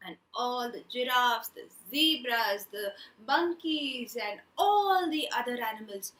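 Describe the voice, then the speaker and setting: A woman telling a children's story and leading a craft class, in an animated, playful way, putting on animal sounds. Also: a little high, slow pace. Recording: echoey room.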